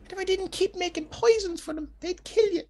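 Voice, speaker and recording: A woman voicing a small, guilty gnome woman who wails and sobs as she confesses, her voice squeaking between laughter and tears. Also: brisk, a little mellow. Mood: desperate. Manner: high squeaky wail, laughing and crying as she pleads. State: crying. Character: sobbing, shrill little gnome woman, guilty and desperate.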